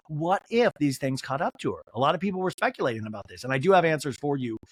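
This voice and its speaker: A man's voice: a little high, expressive, dry recording, clean studio sound. Snarky man recapping reality TV. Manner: snarky, quick storytelling. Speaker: podcast host. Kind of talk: comedic TV recap.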